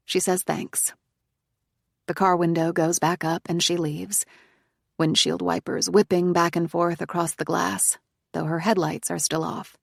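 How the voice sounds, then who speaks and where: A woman narrating a psychological thriller audiobook in the first person, in a tense, hushed manner. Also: fairly low pitch, vocal fry, no room sound, studio quality.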